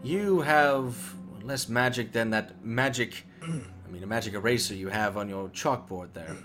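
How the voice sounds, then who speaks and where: Man doing a smooth mocking devil, polite taunts, soft low voice. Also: faint music behind, close to an everyday voice. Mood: disdainful. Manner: silky, condescending, drawn-out taunts.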